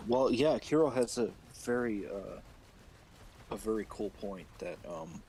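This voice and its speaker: A young man with a fairly low voice rambles through crude, mock-serious stream chatter. He circles back on his own phrases. Faint noise sits under the recording. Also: low-quality recording. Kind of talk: casual stream chat.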